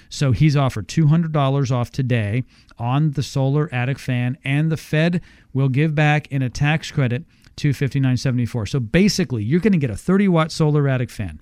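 Animated male radio host, dry studio. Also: mid-range voice, moderate pace, dry recording. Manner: animated storytelling, acting out quotes. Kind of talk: radio ad read and chat.

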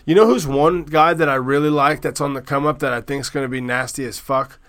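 A man's voice: mid-range voice, brisk, a bit bright. A man as a podcast guest in casual chat, laid-back and swearing freely. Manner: laid-back, says "bro" and swears a lot.

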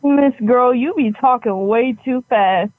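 Blunt woman on phone, high swooping voice, lo-fi phone sound. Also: a little slow, no echo. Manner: blunt, skeptical. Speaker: prank call target. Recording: tinny phone line.

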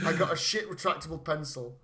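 A man's voice: fairly high pitch, a little fast. A man telling funny family stories in casual chat, swearing freely and laughing as he talks. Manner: animated storyteller, swears freely, laughs while talking.

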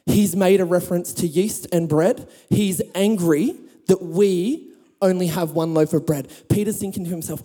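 A man pastor preaching a sermon to a congregation, telling a Bible story with humor and lively emphasis. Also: high-pitched, normal speed, in a large hall. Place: church hall with audience.

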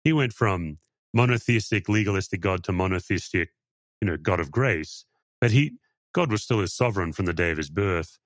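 A man's voice: low-pitched, lively intonation, normal speed, no room sound, clean studio sound. A man hosting an interview podcast, talking in an earnest, thoughtful and emphatic way. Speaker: podcast host. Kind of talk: interview conversation.

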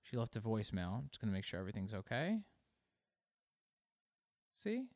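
A podcast host rambles alone about himself at rapid-fire speed, casual, self-deprecating, and swearing freely. His male voice is on the low side and darkish, with lively intonation. The studio sound is clean with no echo.

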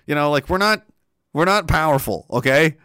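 Young man, profane sarcastic ranter, high-pitched and bright. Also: animated, moderate pace, smooth, dry recording. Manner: sarcastic, profane, exasperated, laughs a lot. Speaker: commentator. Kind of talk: ranting comedic commentary.

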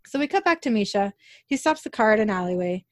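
A woman's voice: medium pitch, animated, a little mellow, dry recording. A woman casually narrating a recap of a TV episode, reading every character's lines aloud in her own voice and correcting herself now and then. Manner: quick narration, self-corrections.

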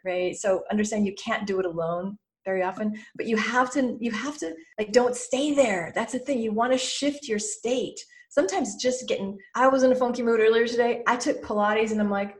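A middle-aged woman speaks as a podcast guest, mid-pitched for a woman. She talks in an animated way, slipping into little quoted voices to show her point. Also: brisk, few pauses. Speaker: guest, mentor to business owners. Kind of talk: podcast interview.

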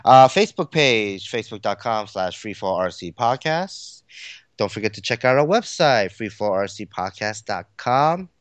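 一位男性播客联合主持人，随意闲聊，说话啰嗦，常带填充词，笑声不断。. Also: male voice, fairly low pitch, sing-song, measured pace, no room sound. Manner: rambling, filler-heavy, laughs easily. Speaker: podcast co-host. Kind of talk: casual chat.

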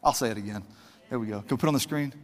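A man's voice: medium pitch, very fast, in a large hall. A male pastor preaching a fervent, conversational sermon straight to his congregation.

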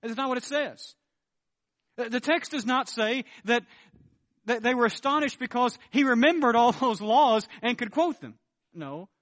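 A man preaching a sermon as pastor, emphatic, swinging between loud declarations and low, earnest tones. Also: expressive, moderate pace, no echo.

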